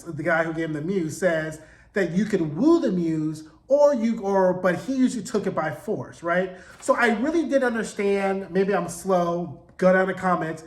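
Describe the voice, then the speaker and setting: A man giving a casual, animated recap of a show, jumping into quick voices for the characters and swearing freely. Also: high voice, reverberant, low-quality recording. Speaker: show reviewer.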